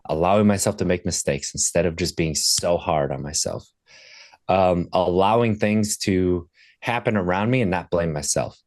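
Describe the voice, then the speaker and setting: A man talking as a podcast guest, telling a candid personal story in a reflective, halting way with restarts. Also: deep voice, darkish tone, no echo, studio quality.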